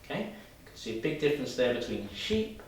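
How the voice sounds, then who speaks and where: A man's voice: mid-range voice, sing-song, a little hiss or hum. A man teaching English pronunciation in a video lesson, carefully over-articulating example words. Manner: slow, deliberate, exaggerated mouthing of example words. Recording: roomy echo, voice from a distance.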